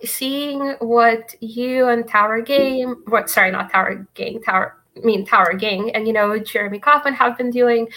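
A woman's voice: a little high, fairly bright tone. A woman in her twenties from Russia with a Russian accent and a California upspeak lilt, chatting wryly as a podcast guest. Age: 20s. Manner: California upspeak, wry and joking. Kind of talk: casual chat.

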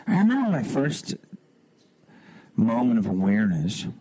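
A man in his thirties hosting a podcast, telling personal stories in an animated way, swearing freely and climbing high on rhetorical questions. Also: normal speed, husky. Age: 30s. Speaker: podcast host. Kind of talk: personal storytelling monologue.

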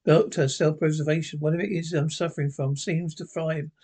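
An eccentric male time traveller, read aloud by a man. The voice sits fairly high for a man. Each line is read plainly, with the speaker named before it. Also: flat delivery, a little fast, a little mellow, slightly rough.

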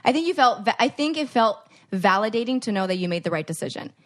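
A woman's voice: mid-range voice, animated, fast. A woman guest in a casual chat, talking as a supportive and teasing best friend.

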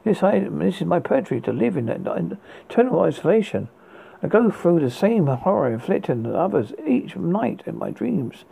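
A man hosting a horror podcast, reading his story in a halting way with restarts, on a tinny lo-fi recording. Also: high voice, very animated, gravelly, warm tone, husky. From United Kingdom. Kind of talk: read horror story narration. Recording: tinny phone-like lo-fi sound.

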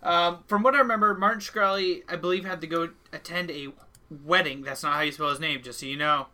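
A man's voice: on the high side, fairly even intonation, fairly quick, sharp tone. A man co-hosting a casual podcast, brash and profane in a joking way. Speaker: podcast co-host.

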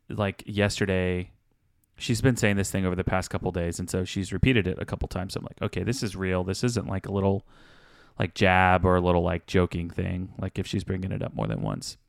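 Deep gravelly man, candid storytelling. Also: no echo, clean studio sound. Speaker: podcast co-host. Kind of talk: casual chat.

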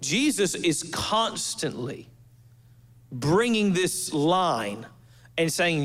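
A male pastor preaching a sermon to his church, with emphatic pauses and changes of pace. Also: on the high side, big pitch swings, fairly bright tone.

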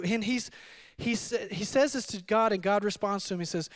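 A man preaching a sermon as pastor, telling his story in an animated, conversational way with frequent asides to the room. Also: high-pitched, brisk. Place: church hall.

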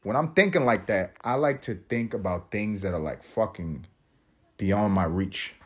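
A man with a low-set voice rambles through a solo podcast monologue, cursing freely and laughing at his own jokes. He often jumps up into a high, excited pitch to drive a point home. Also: moderate pace, breathy edge. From Puerto Rican family, raised in US projects. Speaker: podcast host.

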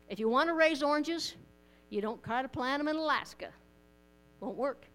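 A woman's voice: high voice, expressive, normal speed, fairly bright tone. A woman pastor, preaching a conversational sermon in church, often repeating and restarting words.

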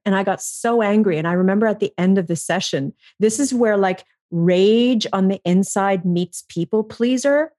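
In this clean, roomless studio recording, a podcast guest with a mid-range voice recounts her story openly. She curses without restraint and becomes lively whenever she voices what she used to think.

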